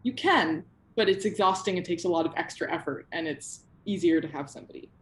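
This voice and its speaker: A woman's voice: fairly low pitch, brisk. Earnest rambling young woman interviewer. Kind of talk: casual video-call interview.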